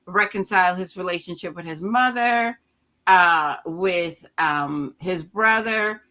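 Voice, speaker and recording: A woman film critic with a lowish voice speaks slowly on a casual podcast roundtable. She tells stories animatedly, laughs often, and acts out the people she quotes.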